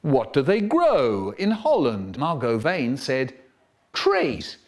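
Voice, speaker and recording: A man's voice: medium pitch, takes it slowly, slight background noise. A man telling comic childhood stories, acting out the voices of the people in them. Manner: animated, mimicking other voices. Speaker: storyteller. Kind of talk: comic storytelling, remixed.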